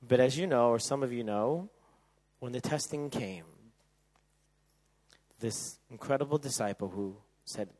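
A man's voice: on the low side, a little slow, rough recording. Man preaching with dramatic swings. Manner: dynamic, swings from loud emphatic to soft hushed. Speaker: pastor. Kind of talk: sermon.

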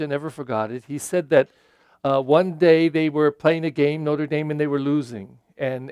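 An older man preaching a Sunday homily, with a voice that sits fairly high for a man. He talks in a loose, folksy way and leans on frequent fillers. The recording is close and dry, with almost no room sound. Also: darkish tone, no room sound. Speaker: pastor.

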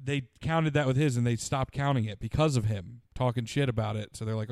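A man's voice: medium pitch, brisk, darkish tone, no echo. Young man in profane, rambling banter. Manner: profane, rambling, laid-back slang. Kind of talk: casual banter.

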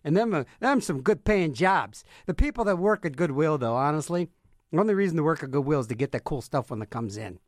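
Rambling, animated man radio DJ. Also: a little high, fairly quick, no echo, clean studio sound. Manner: rambling and joking, acts out little scenes. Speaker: radio show host. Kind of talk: casual radio DJ chatter.

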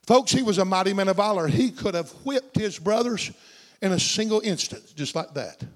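A man preaching a sermon. He calls out for amens and swings from low, hushed asides to shouted climaxes. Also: expressive, moderate pace, long reverb tail.

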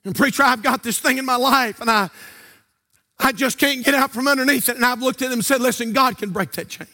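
Older pastor preaching from the pulpit, high voice, singsong fervor, shouts now and then. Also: male voice, steady tone, fairly quick. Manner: impassioned preaching with a sing-song cadence and shouted peaks. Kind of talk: sermon. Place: church pulpit.

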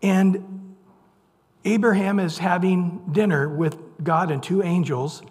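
At a slow pace and with a steady tone, a man preaches in a high, bright voice, telling his story casually and humorously. He gives the quoted people their own voices in a playful, conversational way, and his words echo with a long, hall-like reverb.

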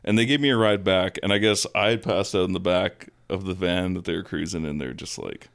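A young man with a low, gravelly voice tells a rambling story in casual podcast chat. He swears freely and laughs at himself as he goes. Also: brisk, fairly bright tone. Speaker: guest, band member.

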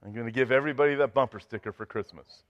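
Animated male preacher in a reverberant church. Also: mid-range voice, racing. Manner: animated preaching, reads scripture with rising intensity, joking asides. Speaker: pastor. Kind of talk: sermon. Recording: dull sound with long hall reverb.

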